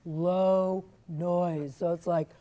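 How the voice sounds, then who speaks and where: A woman storyteller reading her picture book aloud to a classroom of children, expressive and coaxing them to join in. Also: lowish voice, drawn-out words. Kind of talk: interactive read-aloud for children.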